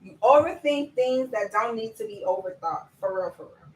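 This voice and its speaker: A woman coaching viewers in a lively live-stream chat, talking to them directly and laughing often. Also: on the high side, normal speed, roomy sound, far from the mic, slight background noise, low-quality recording. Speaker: business coach.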